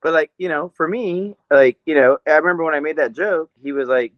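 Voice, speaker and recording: A man's voice: on the high side, brisk, few pauses, dry recording. A man co-hosting a podcast in casual chat, rambling and swearing freely, often breaking into laughter. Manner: profane, rambling, laughs a lot. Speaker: podcast co-host. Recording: dry, dull lo-fi sound.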